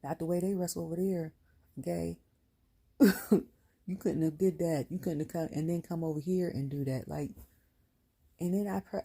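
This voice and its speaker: A woman's voice: low voice, husky. A woman, a parent, giving a casual, blunt, slangy rant as a wrestling show reviewer. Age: adult with a son. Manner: animated, blunt, slangy ranting. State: near tears. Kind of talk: casual ranting commentary.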